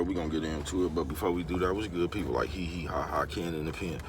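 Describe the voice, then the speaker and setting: Fast-talking low-voiced man, rambling and slangy. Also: noisy background. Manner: rambling, slangy, repeats catchphrases. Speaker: vlogger. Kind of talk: casual motivational monologue.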